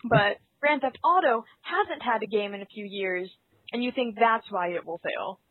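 A woman co-hosting a casual podcast chat, animated and opinionated. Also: on the high side, moderate pace, dry recording. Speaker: podcast co-host. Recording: dry, tinny phone-like sound.

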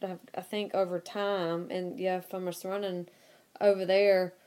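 A woman's voice: on the low side, little pitch movement, a little slow, darkish tone, slight background noise. Giggly woman chatting casually. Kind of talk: casual chat.

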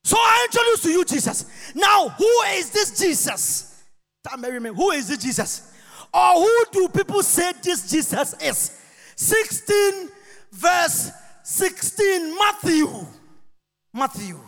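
A man preaching a lively sermon in a church, shouting, chanting and singing out phrases. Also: very high-pitched, slow pace. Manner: shouts and chants, sings phrases, mimics people. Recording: long reverb of a church hall.

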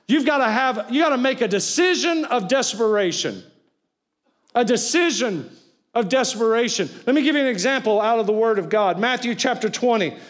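A male pastor preaching a sermon to a church congregation, urging them to repeat his words, and swinging from loud cries to quiet lines. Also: very high voice. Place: church sanctuary with an audience, also streamed.

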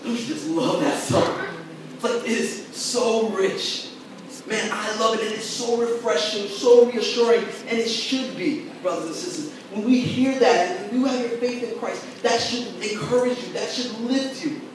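A man preaching a sermon as pastor, talking in a conversational, animated way and checking in with the congregation as he goes. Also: high voice, normal speed, noisy background. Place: church sanctuary. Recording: echoey church hall, mic at a distance.

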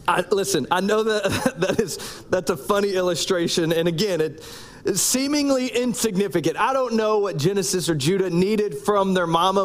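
A man, preaching a sermon in a conversational, joking way, with pauses between phrases. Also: high-pitched. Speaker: pastor.

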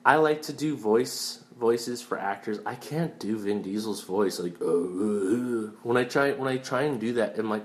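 Rambling, profane young man with a lowish voice. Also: measured pace, hardly any pauses. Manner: rambling, profane, wanders off on tangents. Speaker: movie reviewer. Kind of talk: casual rambling movie talk.

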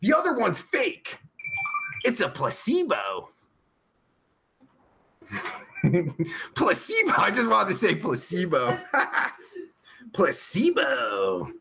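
A man's voice: high voice, huge pitch swings, takes it slowly, creaky, long pauses, bright, forceful tone, slight background noise, heavily acted. A man playing a crude, foul-mouthed pervert character who hosts a comedy live stream, rambling and swearing constantly. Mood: cocky joking. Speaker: host.

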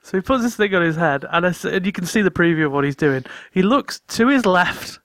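A man co-hosting a podcast, telling animated travel stories in casual chat and laughing often. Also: high-pitched, a little fast, dry recording, studio quality. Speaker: podcast co-host.

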